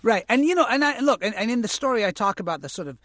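A man's voice: sits high, sing-song, quick pace, a bit bright, no room sound. Male guest, reflective, stop-start phrasing, dry close sound. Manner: reflective, many restarts and "you know". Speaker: actor and author, interview guest. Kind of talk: conversational interview.

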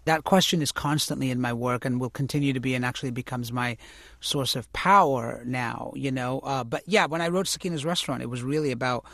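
A man's voice: mid-range voice, creaky, fairly bright tone, dry recording. Reflective man speaking close and dry. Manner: reflective, many restarts and "you know". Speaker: actor and author, interview guest. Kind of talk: conversational interview.

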